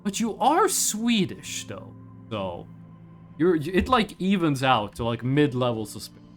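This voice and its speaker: A young man from Scandinavia streaming a game, joking and teasing his chat in casual banter. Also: faint music behind. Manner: animated, quick swings in pitch.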